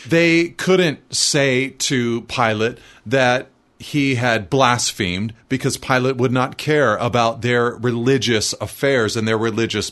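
Measured male preacher teaching scripture. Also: mid-range voice, fairly bright tone. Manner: measured, explanatory, reads scripture aloud. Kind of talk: expository sermon.

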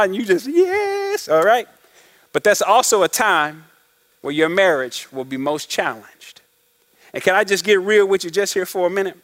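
High-voiced preaching man. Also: fairly bright tone. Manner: preaching with call-and-response asides; acts out couples' voices in quotes. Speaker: pastor. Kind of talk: sermon.

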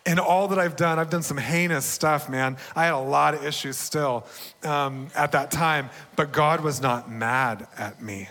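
A man's voice: fairly high pitch, a little slow. A young man giving a sermon testimony in an earnest, personal way, laughing often between thoughts. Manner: earnest, laughs often, bursts into excited shouting. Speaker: preacher. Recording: long hall reverb.

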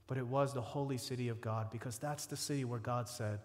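A man preaching a sermon, stacking words with rising force and dropping soft and low for quoted laments. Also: fairly even intonation, brisk, hardly any pauses. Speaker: pastor. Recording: reverberant hall.

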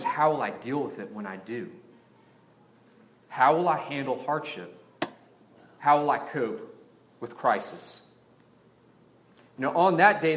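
A man's voice: mid-range voice, reverberant. A man preaching a sermon in a chatty way, often asking the listeners rhetorical questions. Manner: conversational, animated, asks rhetorical questions. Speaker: pastor.

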